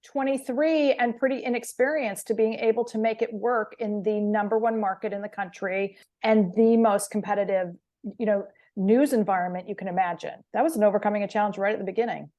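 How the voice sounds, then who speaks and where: A woman's voice: medium pitch, steady tone, a little fast, mellow. A woman hosting a podcast interview, asking long questions full of fillers and restarts. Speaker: podcast host.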